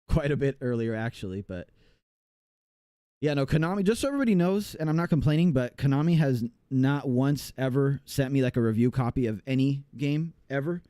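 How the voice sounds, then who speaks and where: A man's voice: medium pitch, animated, fairly quick, dark tone, clean tone, no echo, clean studio sound. A man from the United States chatting casually on a live game stream, rambling and reading chat aloud with many fillers.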